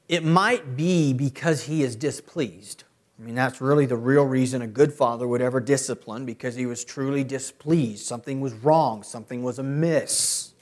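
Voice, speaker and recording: A middle-aged man preaching a sermon as a pastor. He often builds to loud, emphatic peaks. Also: medium pitch.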